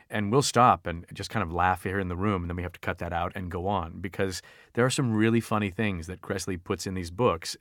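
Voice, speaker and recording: A man who works as an audiobook narrator, answering fan questions in a recording studio, telling stories in an animated, playful way. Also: on the low side, dry recording.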